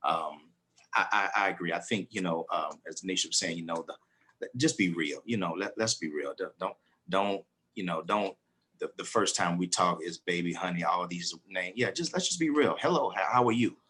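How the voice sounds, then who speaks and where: Deep, husky-voiced pastor. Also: male voice, sharp tone. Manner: halting, thoughtful. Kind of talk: casual panel discussion.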